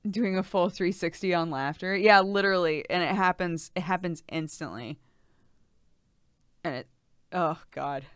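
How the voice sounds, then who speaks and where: Chatty laughing woman streamer, smooth voice. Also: on the low side, moderate pace, a bit bright, no echo, studio quality. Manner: chatty, frequent laughter, lots of fillers. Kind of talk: casual live-stream chat.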